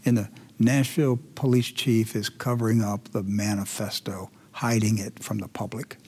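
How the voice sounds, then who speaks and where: Husky-voiced man ranting indignantly. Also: on the low side, level tone, moderate pace. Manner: indignant, swings from loud ranting to hushed emotional. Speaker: host. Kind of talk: opinionated commentary show.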